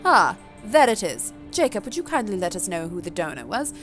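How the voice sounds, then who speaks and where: A woman's voice: medium pitch, sing-song, fairly quick, over music, lightly acted. A woman voicing a poised, elegant female vampire hostess with a refined, sly manner. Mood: silky.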